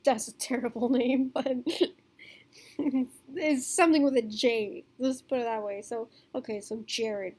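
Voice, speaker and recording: A young woman with a high voice tells a story straight to her camera, taking her time between phrases. She wanders and repeats herself, packed with fillers, laughter and the odd swear word, like a casual storytime vlog. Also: fairly even intonation, slow, darkish tone. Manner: rambling, filler-heavy, swears and laughs often. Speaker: vlogger.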